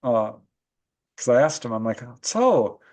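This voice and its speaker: In a casual interview, a male guest who researches and writes about the paranormal recounts his experiences at a moderate pace. His voice is mid-pitched, and he's animated, laughing frequently as the conversation flows easily.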